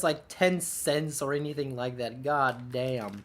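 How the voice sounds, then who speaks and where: A young man talks casually to his livestream audience, his voice sitting at an ordinary middle pitch. He rambles, restarts sentences and answers small letdowns with dry, sarcastic remarks and short laughs. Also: unhurried. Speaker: streamer. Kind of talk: casual livestream commentary while opening game cases.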